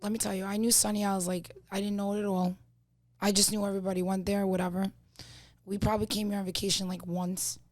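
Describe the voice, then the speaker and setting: A woman in her thirties from Brooklyn, chats on a podcast in a blunt, streetwise way, scattering "like" and "I don't know" through her stories. Her voice sits at a middle pitch for a woman. The sound is close and dry. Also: little pitch movement, fast talker, a little mellow, no echo. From Brooklyn, New York. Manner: blunt, streetwise storytelling with many fillers. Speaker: podcast guest. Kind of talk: casual chat.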